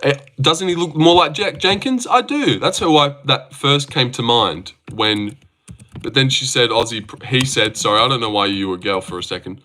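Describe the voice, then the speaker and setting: A young man with a bright, forward voice talks casually on a livestream. He reads viewers' comments out loud and answers them with easygoing, joking banter. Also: medium pitch, normal speed. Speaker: livestream host. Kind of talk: casual live-stream chat.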